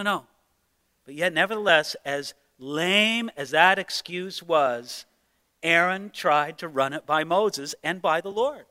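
A pastor delivering an emphatic sermon full of rhetorical questions and dramatized quotes. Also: male voice, fairly high pitch, pushed and bright, long reverb tail.

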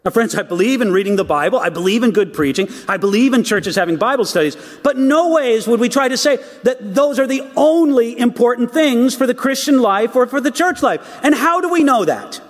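Animated and brisk with hardly any pauses, a preacher with a strikingly high voice delivers his sermon. He repeats words emphatically and asks rhetorical questions, his voice echoing with a large hall's long reverb.

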